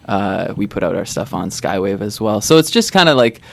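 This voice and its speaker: A man in his thirties from Canada, a music producer chatting as a guest in a radio studio, laid-back and quick to laugh. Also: fairly low pitch, big pitch swings, gravelly. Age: 30s. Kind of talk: casual radio studio chat.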